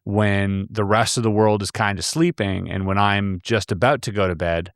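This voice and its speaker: A man's voice: lowish voice, fairly even intonation, moderate pace, no echo, clean studio sound. A man hosting a podcast who talks in a reflective, casual way with frequent fillers. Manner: reflective, with many fillers like "you know". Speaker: podcast host. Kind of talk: casual interview chat.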